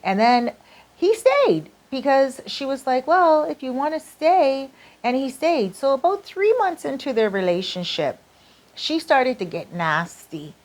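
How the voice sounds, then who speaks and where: A woman's voice: sits high, very animated, unhurried, a little mellow. A woman narrating a relationship story in a casual storytime style, chatty and full of fillers. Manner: chatty, lots of "like" and "you know".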